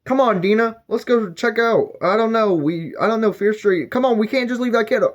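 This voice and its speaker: A man's voice: sits high, pitched above the performer's own voice, close to an everyday voice. A man voicing a teenage boy who hurriedly urges his friends to go help. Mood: urgent. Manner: pushy, hurried.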